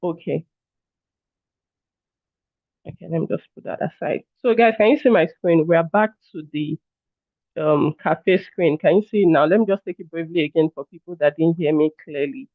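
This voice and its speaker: High-voiced man teaching over a tinny call. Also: brisk, no room sound. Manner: chatty, repeatedly addresses listeners as "guys"; apologetic, checks on the audience. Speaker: workshop trainer. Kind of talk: live online training session. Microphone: video call. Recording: tinny phone-like online call audio.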